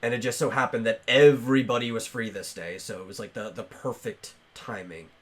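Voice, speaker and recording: A man's voice: mid-range voice, fairly even intonation, a little fast, husky. A man hosting a casual podcast, talking loosely with lots of fillers and restarts. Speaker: podcast host.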